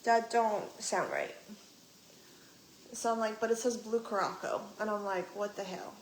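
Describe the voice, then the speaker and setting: A young woman vlogger telling a story to her live chat in a casual, animated way, swearing and acting out what people said. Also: medium pitch, measured pace, echoey room, a little hiss or hum, low-quality recording. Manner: animated, swearing, acts out quoted voices. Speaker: vlogger on a livestream.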